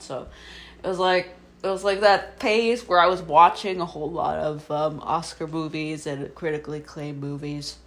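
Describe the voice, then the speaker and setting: Halting, laughing man podcaster. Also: on the high side, a bit bright. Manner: halting, restarts a lot, laughs through his words. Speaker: podcast co-host. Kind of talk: casual podcast chat.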